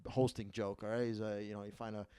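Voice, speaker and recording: A young man hosting a comedy podcast, chatting casually, self-deprecating and halting with lots of restarts. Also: lowish voice, level tone, warm tone, smooth.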